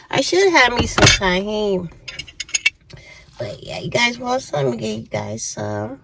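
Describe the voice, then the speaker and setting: A woman's voice: on the high side, wildly swooping pitch, unhurried, gravelly, fairly bright tone, slight background noise, poor audio. A woman in her fifties casually telling a storytime on her vlog, chatty and often laughing while eating. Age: 50s. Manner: eating while talking to viewers. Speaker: YouTuber.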